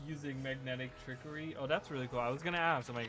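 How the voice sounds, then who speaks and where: A gaming video creator talks fast in a medium-pitched voice, giving casual, rambling commentary while he plays and often restarting sentences. He uses a USB desk microphone, with game music behind him.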